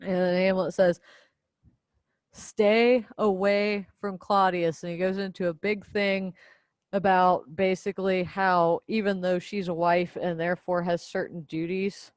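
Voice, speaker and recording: A woman's voice: lowish voice, flat delivery, normal speed, no echo. A young woman casually and playfully summarizing a play for a class video. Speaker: student presenter.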